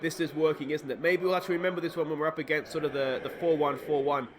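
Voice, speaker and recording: A man's voice: fairly high pitch, fast, noisy background. Australian man commentating his football game. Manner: rambling, excitable on goals. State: hoarse from a cold. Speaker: let's play host.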